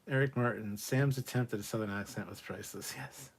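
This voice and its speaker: Guy reading out chat on a live stream, kinda low voice, cusses a lot, mumbles asides. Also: fairly quick, slightly rough. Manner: blunt, sweary, muttering asides under his breath.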